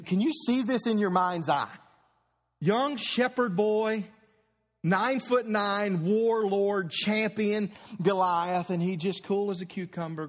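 A male preacher tells the story vividly in a high voice, throwing in sound effects. His sermon rings out with a long hall reverb. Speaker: pastor.

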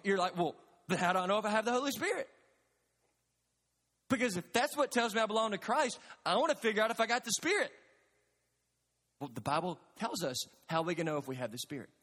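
In a large church sanctuary, a pastor delivers a sermon from the pulpit in a high, ringing, slightly bright voice, brisk and lively in intonation. Earnest and emphatic, he presses the congregation with questions as a long reverb trails his words.

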